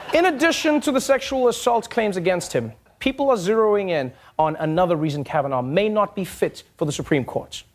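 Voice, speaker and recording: A man hosting a late-night comedy show, delivering a stand-up monologue with an animated manner and mocking voices. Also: high voice. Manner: animated, slips into mocking voices for quoted people. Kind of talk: stand-up monologue before a studio audience. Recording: studio audience noise behind the voice. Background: studio audience laughing and cheering.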